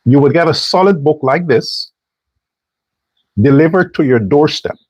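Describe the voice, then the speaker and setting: A man's voice: on the high side, measured pace, dry recording. A man hosting a political commentary show, delivering a sarcastic and preachy rant. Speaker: host.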